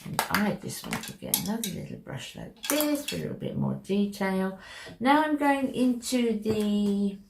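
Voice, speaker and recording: Slow, gravelly woman doing a makeup tutorial. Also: medium pitch, huge pitch swings, a little hiss or hum. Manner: chatty, step-by-step, addressing viewers as guys. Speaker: makeup vlogger.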